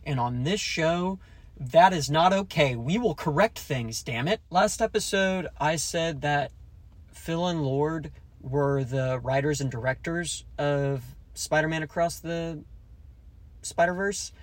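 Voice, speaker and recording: A man's voice: on the high side, no echo. A man hosting a solo movie review podcast, ranting and joking in a mock-secretive way, acting out quoted lines in a raised voice. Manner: jokey, ranting, mock-conspiratorial. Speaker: podcast host.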